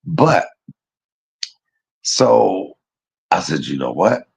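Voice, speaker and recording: A man with a deep, gravelly voice that has a husky edge, telling a personal story in a casual vlog. He talks bluntly and profanely, laughing at himself, and his pitch swings widely as he tells it. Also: sing-song, slow, pauses often. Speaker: vlogger.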